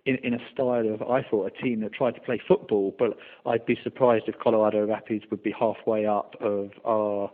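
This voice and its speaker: A man being interviewed as a guest, speaking in a measured, formal way. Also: lowish voice, flat delivery. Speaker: guest, supporters' trust representative. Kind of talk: phone interview. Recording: tinny phone line.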